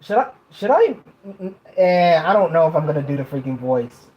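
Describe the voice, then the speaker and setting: With a low-pitched, animated voice, a woman hosts an easygoing livestream from bed. She giggles between lines and keeps stopping to restart what she's saying, and the audio is dull.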